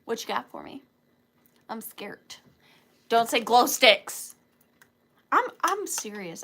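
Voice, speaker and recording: A woman's voice: on the high side, sing-song, a little slow, vocal fry, pauses often, background noise. A woman hosting a live online sale, chatting casually with viewers in a giggly, joking way. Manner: chatty and giggly, jokey asides.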